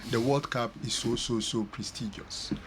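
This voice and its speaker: A man's voice: mid-range voice, steady tone, normal speed, breathy edge. A man with a Ghanaian accent, a sports pundit arguing football in a studio debate, switching between English and Twi. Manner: mixes English and Twi, argumentative.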